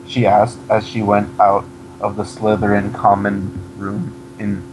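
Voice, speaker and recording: Man, lowish voice, deadpan comic reader, mocks the text as he goes, faint hum behind. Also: measured pace, rough recording. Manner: deadpan reading, breaks off to mock the text. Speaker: reader of a fan fiction. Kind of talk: comedic dramatic reading.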